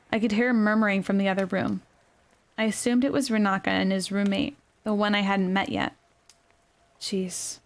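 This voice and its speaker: A young adult woman reading her own novel aloud in a quiet, gentle ASMR narration, with small self-corrections. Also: medium pitch. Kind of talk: soft-spoken ASMR story reading.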